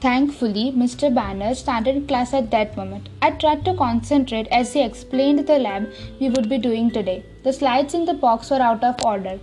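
A woman with a fairly high voice reads a first-person novel aloud in a steady, lightly expressive way. Faint music plays underneath the narration. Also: normal speed. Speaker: audiobook narrator.

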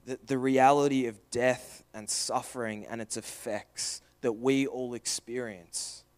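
A young man delivering a sermon with an earnest, searching tone. He asks question after question, then lets his voice drop low and soft for the tender parts. His pitch sits in a plain middle range for a man. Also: fairly even intonation, a little slow. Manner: earnest, questioning, swings from loud to hushed. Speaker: preacher.

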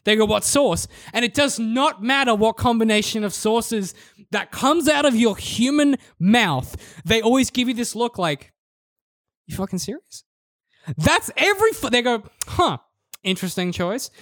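A man's voice: very high voice, lively intonation, normal speed, a bit bright, no echo, studio quality. A man in casual chat, ranting with swearing and acting out both sides of a shop exchange.

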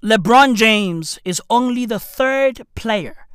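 Animated, slangy woman giving commentary. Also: a little high, slow pace, clear, resonant tone, no echo. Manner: animated, slangy, profane, rhetorical. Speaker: commentary host. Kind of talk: casual news commentary.

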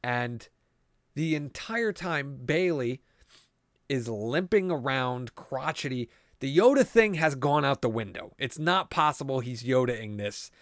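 A man co-hosting a podcast, casually recapping a film scene by scene in a lively, profane way and mocking quoted lines. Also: mid-range voice, a little slow, no room sound, studio quality. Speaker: podcast co-host.

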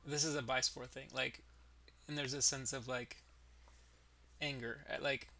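A man's voice: medium pitch, steady tone, unhurried, vocal fry, pauses often, bright, forceful tone, a little hiss or hum. A man playing a tabletop game, talking hesitantly with many fillers and restarts. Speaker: player. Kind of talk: casual tabletop game play.

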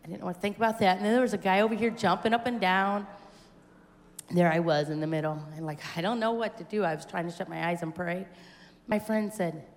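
A woman of medium pitch talks fast while giving a personal testimony at a church service. She tells her story with acted-out dialogue and builds to fervent exclamations, all in an echoey church hall with long reverb.

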